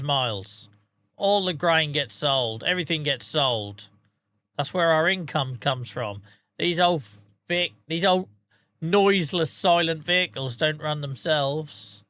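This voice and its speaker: A man's voice: on the high side, expressive, takes it slowly, pushed and bright. A tired man chatting casually to viewers on a live stream, rambling, swearing freely and laughing at himself. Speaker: game streamer.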